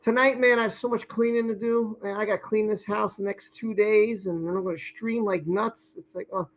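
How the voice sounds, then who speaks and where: A man's voice: high voice, steady tone, a little fast, highs cut off. A man hosting a live stream from his home, chatting loosely while he eats and talks about his food. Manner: rambling, chatty, and talking with food. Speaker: livestream host. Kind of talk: casual chat while eating on a live stream.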